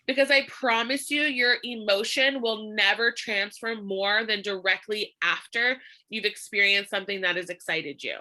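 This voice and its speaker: A woman's voice: medium pitch, steady tone, moderate pace, pushed and bright. A woman leading a live online social media training, upbeat and emphatic, laughing often as she talks.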